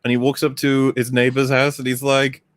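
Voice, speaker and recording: A man's voice: mid-range voice, monotone, fairly quick, no echo. A man in casual chat as a podcast co-host, acting out lines of dialogue and swearing freely. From England.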